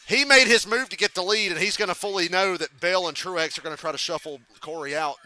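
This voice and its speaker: A man chatting casually during a live reaction stream, swearing freely while telling animated backstage stories and calling a race. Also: high-pitched, brisk. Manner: profane animated storytelling. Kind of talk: casual chat with friend.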